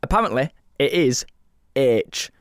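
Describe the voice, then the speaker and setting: A man's voice: mid-range voice, lively intonation, a little slow, clean tone, dry recording, studio quality. A man co-hosting a podcast in casual chat, playful and teasing, often breaking into laughter. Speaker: podcast co-host.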